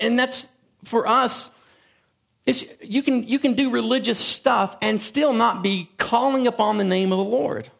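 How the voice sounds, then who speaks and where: A man's voice: extremely high pitch, creaky, fairly bright tone. A man preaching a sermon as a pastor, impassioned, with frequent restarts and asides.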